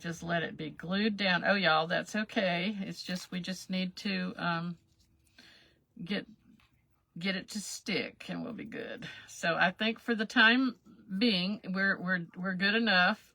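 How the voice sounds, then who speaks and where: A woman with a lowish, creaky voice that sounds pushed and bright speaks slowly as she hosts a crafting livestream. She chats in a folksy way while working and laughs at herself along the way.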